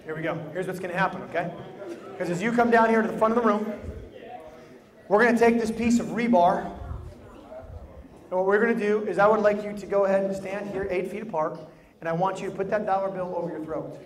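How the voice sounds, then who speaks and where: A man's voice: high voice, brisk, long pauses. A man leading a group exercise in a large room, giving emphatic, repeated directions to volunteers and the audience. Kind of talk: live instruction to a group. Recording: echoey hall with crowd noise.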